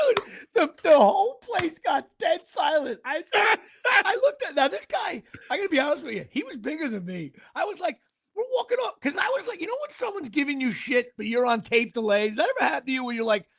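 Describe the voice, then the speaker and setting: A man's voice: very high-pitched, a little fast, gravelly, breathy edge. A middle-aged man hosting a casual chat, telling a story with laughs and acting out what people said. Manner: animated, laughs mid-story, acts out quotes. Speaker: podcast host.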